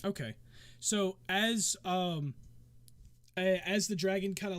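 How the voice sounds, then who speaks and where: A man narrating as game master, halting and searching for words as he describes the scene. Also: sits high, no echo.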